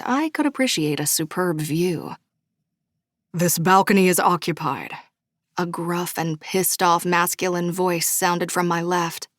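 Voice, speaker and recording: A woman narrating a romance audiobook in first person, bubbly and expressive. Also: fairly low pitch, no room sound, clean studio sound. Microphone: studio microphone.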